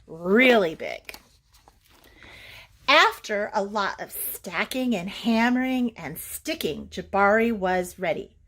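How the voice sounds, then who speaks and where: A woman's voice: mid-range voice, animated, a little slow, hardly any pauses, a bit bright. A woman children's librarian reading picture books aloud and chatting animatedly with young listeners. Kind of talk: picture-book read-aloud.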